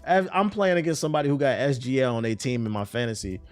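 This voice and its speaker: Live-streaming, this man riffs on the news with animated, casual, foul-mouthed commentary. He talks quickly at a medium pitch, and his voice carries a slight weariness.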